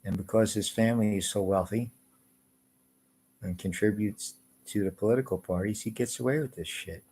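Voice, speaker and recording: A man's voice: on the low side, normal speed, darkish tone, a little hiss or hum. A man in an agitated, swearing, rambling rant. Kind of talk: angry profane rant.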